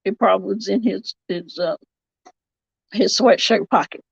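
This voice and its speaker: A woman's voice: mid-range voice, fairly even intonation, gravelly, slightly rough, no room sound. A woman giving casual live-chat commentary, rambling and correcting herself as she goes. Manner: rambling, drawn-out, self-correcting. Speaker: livestream commentator. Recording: dull lo-fi stream audio.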